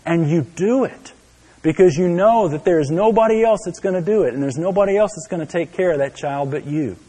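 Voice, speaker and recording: A man preaching a sermon, telling a story to his listeners, dropping to a hush and then rising to exclaim. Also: a little high, a little fast, husky, big-room sound. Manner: storytelling, swinging from hushed to exclaiming. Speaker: pastor.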